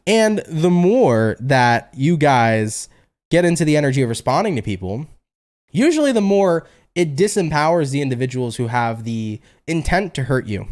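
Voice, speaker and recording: A man's voice: mid-range voice, normal speed. A man giving a chatty live-stream tarot reading, reading out viewer comments as he goes. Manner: animated, chatty, reads audience comments aloud. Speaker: tarot reader.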